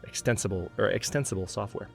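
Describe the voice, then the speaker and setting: A man's voice: fairly low pitch, quick pace, vocal fry, soft background music. A man hosting a gameplay video, commenting as he plays and growing exasperated, talking to himself. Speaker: let's play host.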